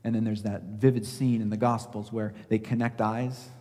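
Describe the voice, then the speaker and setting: A man's voice: fairly low pitch, flat delivery, moderate pace, warm tone. Emphatic male preacher in a hall. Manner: emphatic, asks rhetorical questions, acts out scripture quotes. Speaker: pastor. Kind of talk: sermon.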